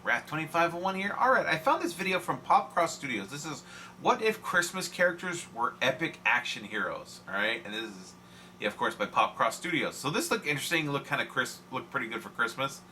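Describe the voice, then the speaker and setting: A man hosting a reaction video, chatty and excitable in casual commentary. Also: medium pitch, brisk, a little hiss or hum.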